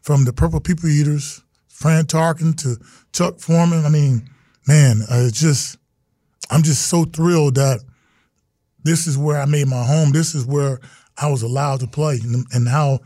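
In a casual interview, a middle-aged former pro football player tells earnest stories, acting out the voices of people he quotes. He speaks on the high side with a steady, mellow tone at a moderate pace, in clean studio sound with no room sound.

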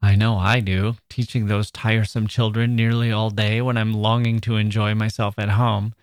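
A man's voice: lowish voice, flat delivery, moderate pace, dry recording, studio quality, close to an everyday voice. A man reading aloud and voicing a teenage older sister in a complaining tone. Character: eldest teenage sister, prim and wistful.

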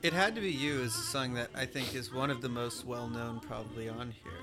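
A man's voice: mid-range voice, brisk, over music. A man co-hosting a casual chat about old records, joking and rambling into asides. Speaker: podcast co-host.

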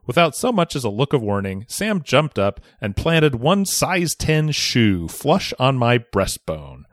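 Podcast host, male, reads a listener letter with lively swooping delivery, dry close sound. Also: mid-range voice, a little slow, no echo. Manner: animated, expressive storytelling. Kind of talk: reading a listener letter aloud.

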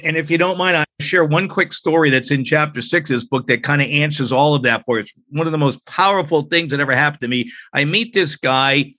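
A man, a guest author on a faith podcast, telling a personal story in an earnest, animated way and acting out what people said. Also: fairly high pitch, fairly quick, hardly any pauses. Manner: earnest, animated, acts out quoted speech.

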